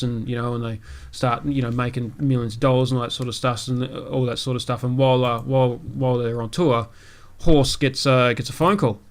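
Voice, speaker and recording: A man hosting a gaming podcast, telling a long joke in a rambling, casual way with many asides. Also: mid-range voice. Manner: rambling, lots of fillers and asides. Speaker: podcast host.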